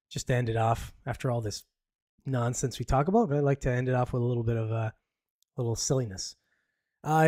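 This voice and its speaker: A man from Canada hosts a live news podcast in a loose, rambling way, blunt and quick to swear and laugh at his own jokes. His voice sits in the middle range for a man. The sound is dry and close, with no room around it. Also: mid-range voice, a little mellow, dry recording. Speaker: podcast host. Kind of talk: casual live-stream commentary.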